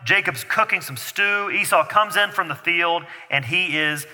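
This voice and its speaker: In a reverberant church sanctuary, a male pastor delivers his sermon in a high-pitched, sharp voice at a slightly slow pace. He addresses the congregation in a relaxed, conversational style and teases the kids present.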